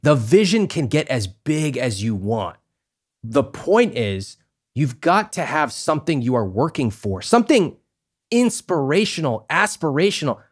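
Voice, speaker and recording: A man's voice: big pitch swings, a little slow, breathy edge. Emphatic man acting out dialogues. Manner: emphatic, acts out quoted exchanges, climbs high for emphasis. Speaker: guest, personal finance author. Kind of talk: animated podcast interview.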